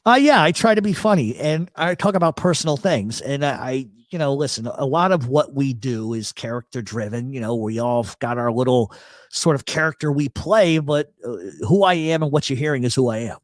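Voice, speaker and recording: A man's voice: medium pitch, lively intonation, a little fast, no echo. A man from New York hosting a casual livestream chat, blunt and joking, swearing freely, on an expensive studio mic run through a voice processor. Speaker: host. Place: home studio.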